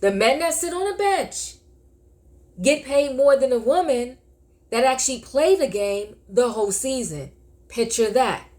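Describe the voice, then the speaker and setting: A woman's voice: high voice, expressive, a little slow, darkish tone. Older woman giving an emphatic commentary vlog. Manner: emphatic, repeats key points, chatty. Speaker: vlogger.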